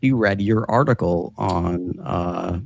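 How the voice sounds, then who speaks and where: Low-voiced man hosting a chatty stream. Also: takes it slowly, creaky, no echo, studio quality. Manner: relaxed and chatty, many fillers. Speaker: host of a livestream show. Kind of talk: casual chat.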